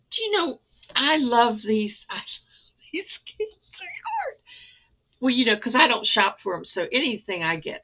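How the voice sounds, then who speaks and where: A woman's voice: mid-range voice, gravelly, breathy edge. An older woman vlogging about her crafts, rambling and effusively grateful, with a self-deprecating way of talking. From Florida. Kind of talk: casual chatty update. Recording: tinny phone-like sound.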